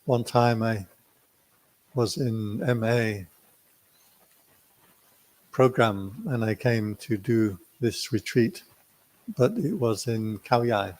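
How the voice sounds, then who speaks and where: A man's voice: fairly low pitch, slow pace, pauses often, a little mellow. A man teaching meditation, telling a retreat story in a playful way and acting out the quotes. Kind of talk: dharma talk with a story.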